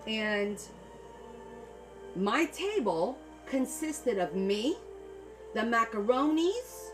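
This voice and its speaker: A woman's voice: a little high, sing-song, extremely slow, over music. A woman hosting a crafting livestream, telling stories in casual chat and laughing often. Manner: chatty storytelling, laughs often.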